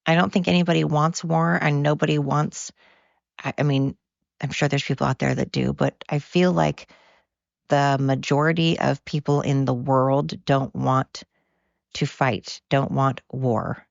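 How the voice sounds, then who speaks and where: Gravelly, tired American podcast rambler. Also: medium pitch, steady tone, measured pace, no echo. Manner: rambling, profane, goes off on tangents. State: tired from overwork. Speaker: podcast host. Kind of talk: casual rambling monologue. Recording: dull lo-fi dry recording.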